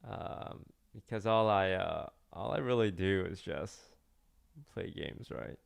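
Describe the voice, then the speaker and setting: Casual young man with a gravelly voice. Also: deep voice, expressive, slow. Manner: rambling, many restarts and "like" fillers. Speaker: streamer telling a story. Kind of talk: casual storytelling.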